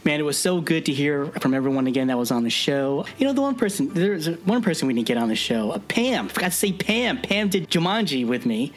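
A man's voice: on the high side, very animated, brisk, hardly any pauses. A man co-hosting a podcast in casual chat, giggly and self-mocking. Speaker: podcast co-host.

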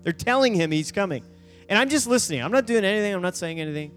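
A man's voice: sits high, lively intonation, quick pace, a bit bright, big-room sound, soft background music. A man preaching a sermon as a youth pastor, telling a story animatedly and acting out the voices of the people in it.

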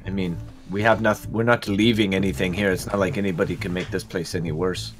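A man with a deep, low voice talks through his character's plans and leads the group. He speaks casually and decisively. Faint music plays under him on the video call. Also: steady tone, fairly quick. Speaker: player. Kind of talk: casual tabletop role-play.

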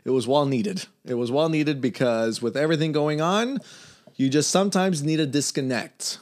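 A man's voice: a little high, moderate pace. A man hosting a casual podcast chat, teasing his co-host and rambling with restarts mid-word.

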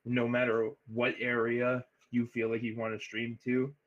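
A man's voice: medium pitch, completely flat delivery, normal speed, a little hiss or hum. A man speaks earnestly on a casual podcast, stumbling and restarting as he goes. His voice comes through a dull, muffled call line. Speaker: Twitch streamer guest.

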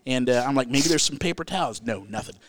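A man's voice: mid-range voice, fast. Older man telling a wild comic story. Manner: animated, frequent restarts, rises loud at the punchlines.

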